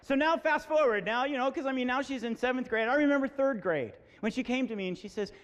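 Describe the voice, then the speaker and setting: A man's voice: very high voice, quick pace, few pauses. A man in his forties telling comic stories to students at a school assembly, acting out voices. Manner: animated, acts out voices, comic. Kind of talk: storytelling talk to students. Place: school hall. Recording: echoey hall.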